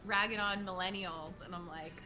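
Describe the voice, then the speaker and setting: A woman's voice: fairly low pitch, steady tone, moderate pace, a loud crowd. A woman from the West Coast of the US, a player chatting playfully and animatedly. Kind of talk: casual chat.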